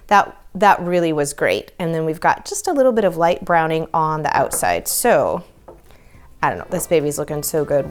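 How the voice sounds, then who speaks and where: A woman with a slightly low voice hosts a homesteading cooking demonstration at her wood stove. She chats straight to the viewer in a friendly, easy way. Faint music plays underneath. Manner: chatty, talks straight to the viewer. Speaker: homesteading channel host.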